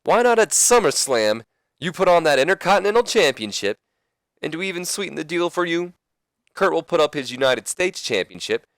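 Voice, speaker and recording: A man voicing a flamboyant, loud older male wrestling boss who makes sly proposals. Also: on the high side, very animated, a little fast, no echo, studio quality, voice pushed up. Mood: scheming. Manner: showy, shouting, sly proposal.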